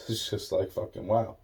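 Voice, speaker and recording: A man's voice: fairly low pitch, creaky, a little mellow, a little hiss or hum. A man telling a rambling personal story. He swears constantly, loses his thread and trails off into repeated fillers.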